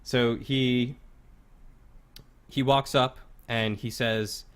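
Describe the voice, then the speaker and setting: A man narrating as game master in a tabletop game, describing scenes in a halting, loose way. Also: medium pitch, steady tone, smooth.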